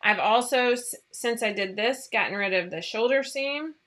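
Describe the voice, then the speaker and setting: A woman's voice: fairly high pitch, moderate pace, fairly bright tone. A woman, hosting a casual live-stream chat in a bubbly, rambling way with many fillers. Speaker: host of a sewing pattern company show.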